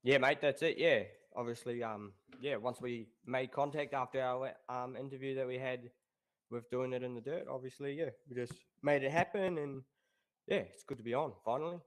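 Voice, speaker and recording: A man in his thirties with a New Zealand accent, chatting as a guest about his racing past in a relaxed way. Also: medium pitch, moderate pace. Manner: relaxed, laid-back, says "obviously" and "um" often. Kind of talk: casual interview chat.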